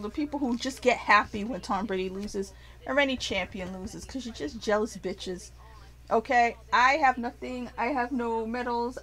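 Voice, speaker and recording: A woman ranting casually to her viewers, animated and profane, rambling with frequent restarts. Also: a little high, low-quality recording. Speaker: vlogger. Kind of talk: casual rant to camera.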